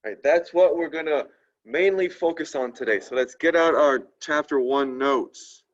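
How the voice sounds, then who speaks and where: Man, French teacher, slightly high voice, keeps asking "right?", slow repeated example words, muffled lo-fi audio. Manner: tags sentences with a questioning "right?". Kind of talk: classroom lesson. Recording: dull lo-fi recording.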